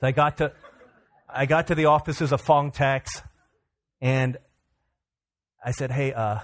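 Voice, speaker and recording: A man preaching as a pastor, telling a lively personal story during a sermon and acting out the lines of the people in it. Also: medium pitch, unhurried, dry recording. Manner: animated storyteller, acts out other people's lines. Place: church sanctuary.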